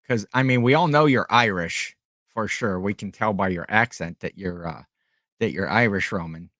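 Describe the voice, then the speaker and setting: A man's voice: lowish voice, moderate pace, fairly bright tone, no room sound, studio quality. A man hosting a casual livestream, rambling in a friendly way and chatting with his viewers. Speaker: livestream host and online reseller.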